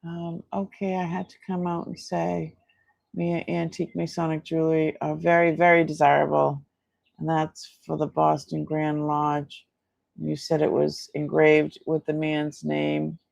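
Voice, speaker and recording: A worn-out woman chats her way through a live unboxing stream, rambling and laughing as she goes. Her voice has a gravelly fry. The sound is close and dry. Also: low-pitched, completely flat delivery, unhurried, darkish tone, dry recording. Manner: chatty, rambling, laughs often. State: tired, yawning. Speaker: host selling antiques in a live sale.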